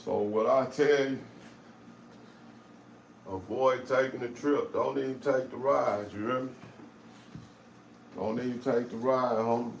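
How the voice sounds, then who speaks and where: A man's voice: medium pitch, fairly even intonation, unhurried, pauses often. A man with a St. hosting a casual live chat. He talks in a streetwise way and repeats phrases. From St. Louis. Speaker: live stream host. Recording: roomy with faint background noise.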